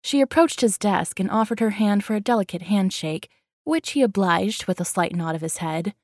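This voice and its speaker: A woman reading a romance novel aloud in a steady, even narration. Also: mid-range voice, normal speed, no echo, clean studio sound. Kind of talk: audiobook narration.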